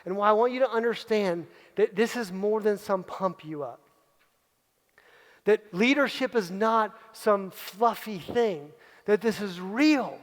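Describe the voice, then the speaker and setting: A man's voice: sits high, unhurried, big-room sound. A man, a leadership coach, giving a motivational keynote talk, emphatic and repeating key phrases for effect. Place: large event hall at a live retreat.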